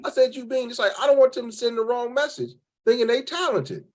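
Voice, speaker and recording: A man's voice: very high voice, quick pace, a little mellow. A man from Cleveland, a spoken word poet, telling stories as an interview guest in a casual, colloquial way, acting out the voices of people he quotes. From Cleveland, Ohio.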